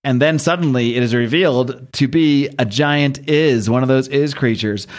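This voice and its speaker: Brief: male podcast co-host, mid-pitched, lively casual recap. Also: moderate pace. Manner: animated story recap, laughs at own jokes. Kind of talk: casual chat.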